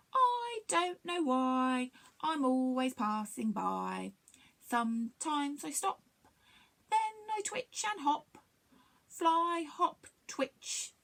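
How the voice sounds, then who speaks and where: A woman's voice: sits high, vocal fry, heavily acted. A woman voicing a cheery little male bird, chirpy and eager. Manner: chirpy, bright and bouncy.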